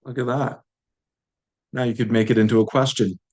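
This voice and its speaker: A man's voice: mid-range voice, little pitch movement, normal speed, darkish tone, breathy edge. A man teaching a language lesson, saying each word aloud and repeating it patiently for learners.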